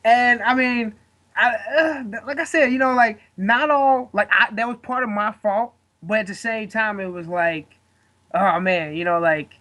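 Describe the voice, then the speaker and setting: A man's voice: high voice, a little slow, sharp tone. A man in his twenties, a guest fighter, telling a story in casual chat, rambling and swearing with lots of fillers.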